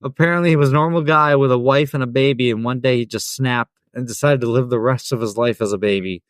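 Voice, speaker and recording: A man's voice: mid-range voice, quick pace, smooth, dry recording, clean studio sound. A man co-hosting a podcast, reading out customer stories and joking crudely. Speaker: podcast co-host. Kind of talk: casual chat and impressions.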